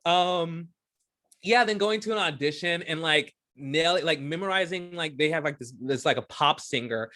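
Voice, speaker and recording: A man's voice: on the high side, a little fast, hardly any pauses, bright, forceful tone. A man from Houston, Texas, a stage performer talking as a guest in a casual interview, telling stories in a chatty way with lots of fillers and restarts.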